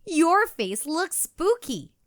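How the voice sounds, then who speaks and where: A woman reading aloud, voicing an excitable, easily frightened little schoolgirl with high, squealing exclamations. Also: takes it slowly, heavily acted. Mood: excited.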